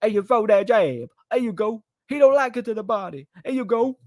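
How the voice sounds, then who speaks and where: A man voicing an excitable male boxing trainer who keeps shouting the same encouragement. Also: fairly quick, dry recording, clean studio sound. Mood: hyped. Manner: repetitive, high-pitched cheering.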